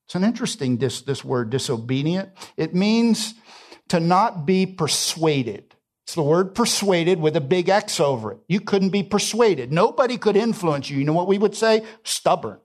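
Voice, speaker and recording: A man preaching a sermon, emphatic, repeating key phrases and swinging between quiet and loud passages. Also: high-pitched, lively intonation, normal speed. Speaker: pastor.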